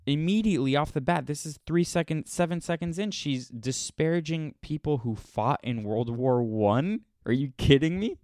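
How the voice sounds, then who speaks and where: A man's voice: fairly high pitch, normal speed, few pauses, darkish tone, dry recording, clean studio sound. A man hosting a podcast, reacting to a clip with incredulous, sarcastic ranting. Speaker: podcast host. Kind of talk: casual reaction commentary.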